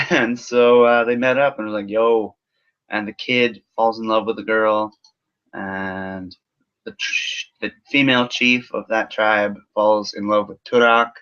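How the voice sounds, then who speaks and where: A man's voice: fairly low pitch, a bit bright, clear, resonant tone. A man giving a casual, rambling film review full of sarcasm and swearing. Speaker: movie reviewer. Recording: dull lo-fi recording.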